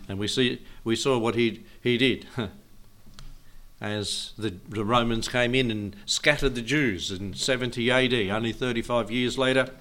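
Older guy preaching a bible lesson, chuckles a lot, keeps asking questions, mid pitched voice. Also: fairly even intonation, measured pace, a bit bright. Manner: folksy, chuckles often, asks the listeners questions. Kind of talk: Bible teaching sermon.

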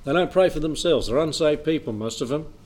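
A man's voice: on the high side, brisk, a little mellow. A man preaching a Bible teaching in an easy, conversational way, reading scripture aloud and chuckling now and then.

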